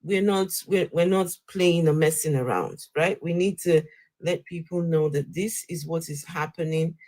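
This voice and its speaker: A woman with a fairly low voice hosts the interview. She cuts in to check facts and press her guest for names and evidence. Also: normal speed, a little mellow. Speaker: interviewer host. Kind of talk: interview questioning.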